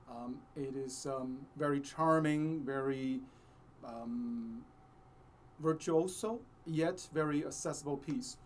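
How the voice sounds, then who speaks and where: A man teaching a cello lesson, explaining slowly and patiently with many pauses, sometimes singing the phrases he means. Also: medium pitch, a little mellow, slight background noise. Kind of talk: music lesson with sung demonstrations.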